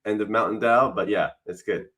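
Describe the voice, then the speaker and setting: A man co-hosting a company call, chiming in with relaxed, agreeable casual chat. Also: on the low side, a little fast, a little hiss or hum.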